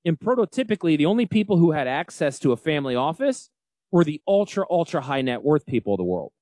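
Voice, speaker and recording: Brief: forties Northern US male radio host, animated and self-deprecating, slightly high voice, dry close sound. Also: quick pace, no room sound. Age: 40s. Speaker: financial advisor radio host. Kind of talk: casual talk radio chat.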